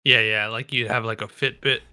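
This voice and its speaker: A man's voice: lowish voice, fairly even intonation, fairly quick, pushed and bright, smooth. A man on a podcast as a guest, chatting casually and teasing the host with short, dry remarks and some swearing. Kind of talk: casual chat.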